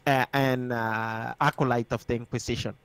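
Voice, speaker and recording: A man narrating a tabletop game as game master, with halting, filler-heavy delivery. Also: medium pitch, little pitch movement, fairly bright tone, smooth, dry recording, rough recording.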